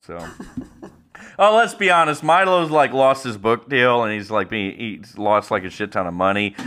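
A man's voice: fairly low pitch, lively intonation, normal speed, fairly bright tone. A young man co-hosting a comedy podcast, joking animatedly with profanity and frequent laughter. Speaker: podcast host. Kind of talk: casual comedic chat.

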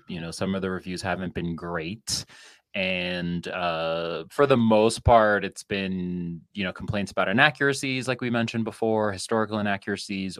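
Casting note: man co-host, wry and conversational, lower register, close dry mic. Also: fairly bright tone, no echo. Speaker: podcast co-host. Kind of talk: casual movie review chat.

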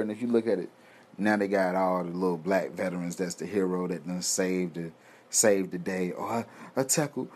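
Young man, heated profane rant, low voice, keeps repeating himself. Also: a little mellow. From United States. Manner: profane, heated, repetitive ranting. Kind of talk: ranting monologue.

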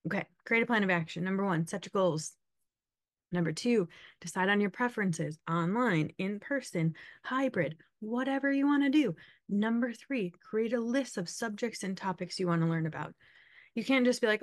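A woman's voice: mid-range voice, lively intonation, moderate pace, no echo, studio quality. A woman in her thirties giving a casual motivational talk, chatty and sarcastic, laughing often.

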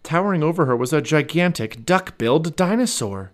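A man reading a children's storybook aloud as narrator, expressive and animated. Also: on the high side, a little fast.

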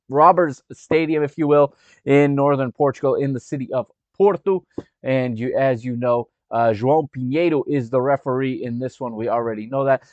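A man's voice: mid-range voice, no echo, dull audio. A man hosting a sports podcast, talking in a brash, mocking and sarcastic way while recording at his workplace. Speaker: podcast host.

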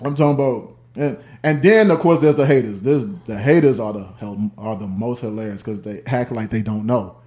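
A man's voice: mid-range voice, brisk, few pauses, warm tone. A young man with a Chicago accent telling stories in casual podcast chat, laughing often and mimicking voices. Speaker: podcast guest, percussionist.

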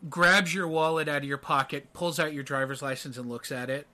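A man narrating a tabletop role-playing game as its game master. His voice is bright and carries well, a little high for a man, and he talks quickly with lots of animation.

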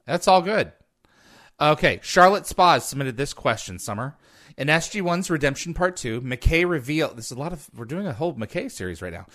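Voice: mid-range voice, very animated, normal speed, fairly bright tone. A trivia quizmaster on a live online show who is upbeat, laughs often and reads the questions aloud over a video call.

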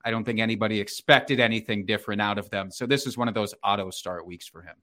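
A man's voice: on the low side, quick pace. A man co-hosting a sports podcast, going over running back stats in an informal, chatty way. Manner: lively, bright, informal. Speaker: podcast co-host. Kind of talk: casual fantasy football chat.

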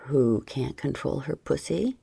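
A woman voicing a confident, stern man who talks low, slow and coaxing. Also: animated, vocal fry, warm tone, slightly rough, no room sound, exaggerated voice.

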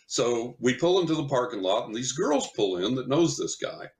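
An older man, a psychic medium guest, telling a story in casual chat, lively and chuckling as he acts out what people said. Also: medium pitch, moderate pace. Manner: animated anecdotal storytelling, chuckles often, acts out quotes.

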